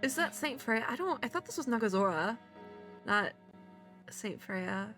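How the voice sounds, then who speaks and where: A young woman giving casual reaction commentary as a VTuber, gushing and excitable, talking to herself as she watches. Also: on the high side, moderate pace, faint music behind. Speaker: VTuber reacting to an animated short.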